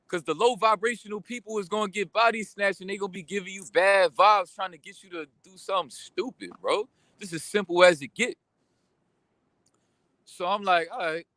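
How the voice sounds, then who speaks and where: A young man rants through a storytime vlog in a bright, forceful voice, pitched a little high for a man. He talks loose and slangy, piling on quick asides as he vents. The sound is close and dry, with almost no room around it. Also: dry recording. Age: young adult. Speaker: vlogger. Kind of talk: casual storytime rant.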